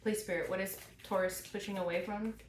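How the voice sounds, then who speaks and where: A woman's voice: mid-range voice, fairly even intonation, fairly quick. A woman giving a channeled tarot reading, asking questions aloud and exclaiming. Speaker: tarot reader. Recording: roomy with faint noise.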